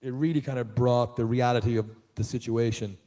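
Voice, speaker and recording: A man with an Irish accent speaks at a live convention panel in a large auditorium. His voice is warm and relaxed, and he tells his stories with energy, often jumping into the voices of the people in them. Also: mid-range voice, brisk. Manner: animated storyteller, jumps into voices of others. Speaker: panel guest, voice actor.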